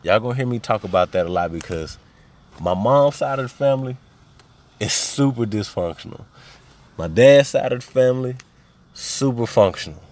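A man from Little Rock, Arkansas, with a Southern accent hosts a podcast, telling personal stories casually in a mid-range, darkish voice. He speaks at normal speed with lively intonation, full of slang and "you know what I mean."

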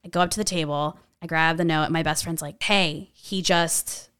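A young woman tells a personal story in a casual, animated voice. She leans on "like" and swears freely. Her voice is smooth and clean, recorded dry with no room sound. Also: low voice, quick pace, no room sound. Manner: animated, chatty, swears freely, says "like" often.

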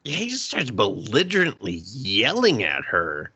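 Sarcastic, swearing podcast host. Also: male voice, lowish voice, huge pitch swings, a little slow, sharp tone, slightly rough. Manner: swearing, sarcastic, laughs often. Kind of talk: casual chat.

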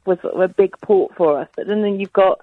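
A woman's voice: mid-range voice, normal speed, dry recording. Female caller, giggly and unsure, phone-line sound. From West Country, England. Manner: giggly, tentative.

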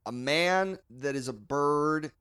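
A man's voice: a little high, slow, bright, forceful tone, clean tone. A man co-hosting a comedy podcast, bantering in a mock-exasperated way and laughing often. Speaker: podcast co-host.

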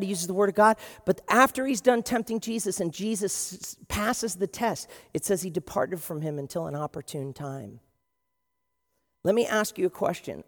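High-voiced preacher in a reverberant hall. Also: male voice. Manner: animated preaching, acts out quoted voices. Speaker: pastor. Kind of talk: sermon.

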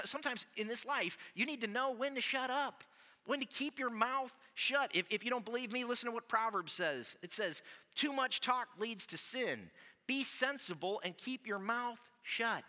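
A man preaching as a pastor, telling stories in a chatty, animated way full of "like" fillers, in a church. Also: extremely high pitch. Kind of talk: conversational sermon with storytelling. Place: church sanctuary. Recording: long reverb of a church hall.

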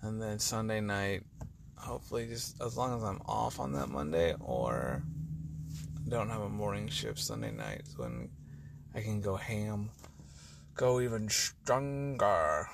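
This podcast host sounds worn out as he meanders through a personal monologue, with sighs, unfinished thoughts, and words that sometimes run together. His gravelly voice sits on the low side and is expressive, at a normal pace, over slight background noise.

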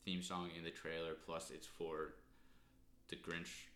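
A man with a very low voice chatting as a podcast co-host. He rambles, hedges with lots of "like," and trails into "I don't know." The room gives his voice a noticeable echo. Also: completely flat delivery, a little slow, sharp tone. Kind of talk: casual chat. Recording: roomy echo.

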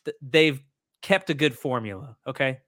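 A young man from Indiana chatting casually on a podcast, animated and joking with lots of fillers. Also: medium pitch, moderate pace, dry recording, clean studio sound. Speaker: podcast co-host. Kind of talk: casual chat.

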